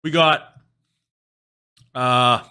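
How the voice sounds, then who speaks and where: Bright-voiced young Canadian man streaming. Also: medium pitch, steady tone, extremely slow, clean tone. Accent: Canadian English. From western Canada. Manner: rambling, loses train of thought, swears casually. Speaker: music streamer. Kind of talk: casual live-stream chat.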